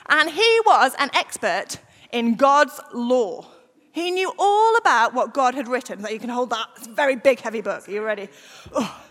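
Bouncy high lady doing a kids bit in church, echoey hall. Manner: lively, animated, coaxing children to join in. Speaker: children's talk leader. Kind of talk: all-age church talk.

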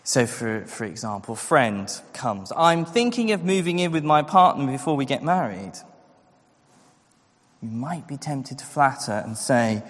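Male preacher, sermon, earnest rhetorical questions, middle-pitched voice, reverberant church hall. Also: big pitch swings, measured pace, a bit bright.

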